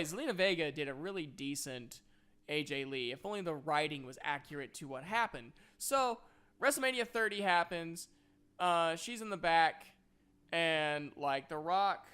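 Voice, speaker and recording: A man's voice: on the high side, fairly bright tone, clean tone. A man giving a casual, exasperated movie review, talking in scattered bursts packed with "like". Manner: exasperated, scattered, heavy use of "like".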